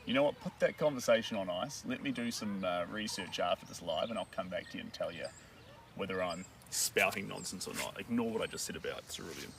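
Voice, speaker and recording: A man's voice: sits low, expressive, brisk, gravelly. A man chatting casually on a live stream while painting a dog portrait, rambling and joking as he thinks aloud. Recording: distant mic with outdoor noise.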